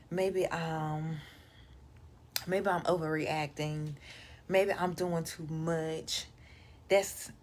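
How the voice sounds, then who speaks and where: A woman coaching on relationships in a casual monologue, direct and emphatic, talking in relaxed vernacular grammar. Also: on the low side. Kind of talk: casual advice monologue to camera.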